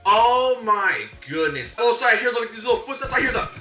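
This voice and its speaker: Young guy, high and really bright voice, animated slangy storytime, a bit far from the mic with faint music. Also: normal speed, roomy sound. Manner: animated, slangy, acts out his own voice and coaches. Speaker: YouTuber. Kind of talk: comedic storytime.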